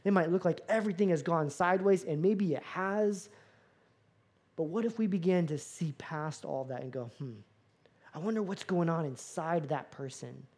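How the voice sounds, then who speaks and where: A man preaching a sermon as a pastor, animated, acting out dialogue with playful asides. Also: fairly high pitch, normal speed.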